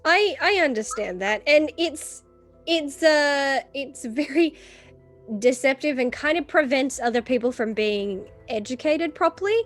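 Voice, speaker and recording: A woman's voice: high-pitched, lively intonation, a little slow, soft background music. A woman hosting a casual chat, talking expressively and acting out her own reactions. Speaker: host.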